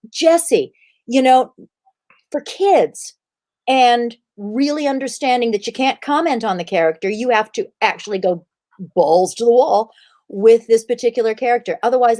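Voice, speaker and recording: A woman, an actress as guest, telling stories in an interview over a video call and acting out the voices she quotes. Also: medium pitch. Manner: animated, acts out quoted voices. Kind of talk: interview storytelling.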